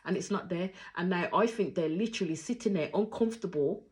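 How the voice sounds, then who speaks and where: Brief: lower-voiced woman, flavoured, casual reaction commentary, opinionated, acts out lines big leaps. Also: fairly quick, a little mellow. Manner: opinionated, acts out quotes with big jumps in pitch and volume. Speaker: reality show reviewer.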